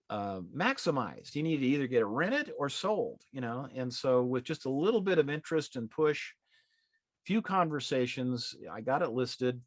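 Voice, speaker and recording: A man's voice: medium pitch, no room sound, clean studio sound. A middle-aged man, a real estate exam prep instructor, telling an anecdote in a folksy, conversational way and acting out the dialogue. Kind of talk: anecdotal storytelling in a live class.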